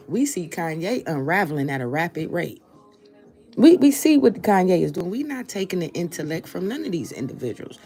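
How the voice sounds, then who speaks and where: Brief: female commentary host, lively animated delivery, warm husky voice, repeats points for emphasis. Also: lowish voice, moderate pace, soft background music. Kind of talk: opinion commentary.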